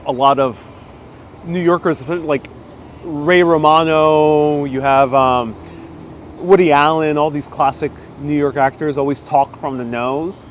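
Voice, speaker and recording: A man's voice: a little high, fairly even intonation, slow. Chatty man on a walking livestream. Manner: chatty, reads viewer comments aloud, laughs often. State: a bit stuffy-nosed. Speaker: live-stream walking tour host. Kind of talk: casual live-stream chat while walking. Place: outdoors on busy city streets. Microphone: wireless clip-on mic. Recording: faint street noise outdoors.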